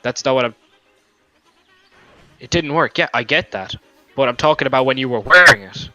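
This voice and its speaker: A man's voice: mid-range voice, expressive, moderate pace, sharp tone, dry recording. A young man arguing in a gaming voice chat, swearing, rambling and defending his logic. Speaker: gamer in voice chat. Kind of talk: heated voice chat argument. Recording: lo-fi voice chat mic with faint music.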